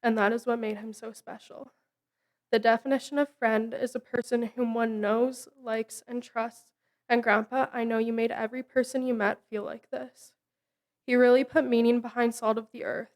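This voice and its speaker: A young woman reads a eulogy in a solemn, measured voice. Her pitch is fairly high but stays flat and even, with little rise or fall. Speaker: grandchild giving a eulogy. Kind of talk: read memorial tribute.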